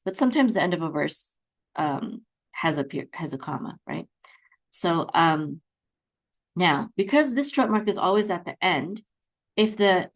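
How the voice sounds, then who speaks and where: A woman teaching beginners to read Hebrew, patiently sounding out words and checking in often. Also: on the low side. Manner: patient, repeats words slowly, chants trope melodies; frequent checking "okay?" with fillers. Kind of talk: beginner lesson, slow patient explanation.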